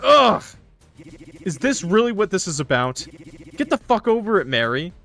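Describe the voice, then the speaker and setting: A man voicing an angry, foul-mouthed young man in a game, snapping and shouting his lines. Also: sits high, sing-song, moderate pace, creaky, soft background music, pitched above the performer's own voice, exaggerated voice.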